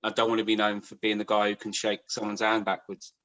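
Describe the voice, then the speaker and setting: A man's voice: fairly low pitch, monotone, fast, a bit bright, poor audio. A man co-hosting a casual podcast, telling long, rambling anecdotes. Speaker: podcast co-host. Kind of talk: casual chat.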